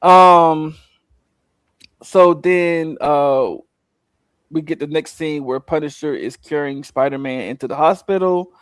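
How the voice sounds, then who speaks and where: A man talking casually on a podcast, telling a story in a loose, rambling way full of fillers and acted-out lines. His voice sits a little high for a man. The sound is close and dry, with no room echo. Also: slow pace, smooth. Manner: rambling, animated retelling with acted-out quotes. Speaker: co-host recapping a show.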